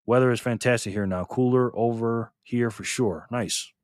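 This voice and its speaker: A man's voice: mid-range voice, moderate pace, a little mellow, dry recording, clean studio sound. A man from Rochester, New York, hosting a live stream and chatting casually with viewers, greeting them by name as he reads their comments aloud. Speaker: livestream host.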